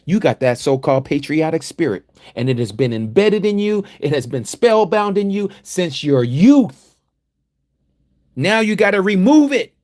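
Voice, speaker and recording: A fired-up American man preaches through a Bible study, slowing down to linger on words and then rising into loud, forceful exhortation. He fills it with rhetorical questions and casual asides, and his voice sits on the higher side. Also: expressive. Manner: emphatic preaching that swings from low, slow reading to loud, fired-up exhortation. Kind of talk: livestreamed sermon-style Bible teaching.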